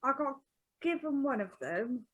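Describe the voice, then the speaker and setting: Playful woman player, high voice that swings widely, casual. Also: expressive, moderate pace, a bit bright. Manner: playful, giggly. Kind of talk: casual chat at a game table.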